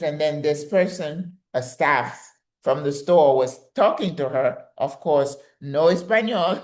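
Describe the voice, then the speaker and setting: A woman's voice: deep voice, a little slow, a little mellow. An older woman hosting her channel, giving direct, emphatic, motivational advice.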